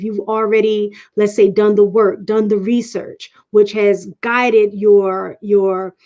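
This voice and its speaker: A woman guest on a panel, explaining her views in a measured, reasoning way with frequent restarts. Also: mid-range voice, a little mellow, muffled recording. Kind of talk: explanatory casual talk.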